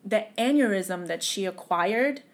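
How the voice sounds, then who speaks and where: Her medium-pitched, animated voice breaks with tears as this young woman, a guest on a podcast, shares an emotional story from her own life. She speaks haltingly and at times sinks to a whisper.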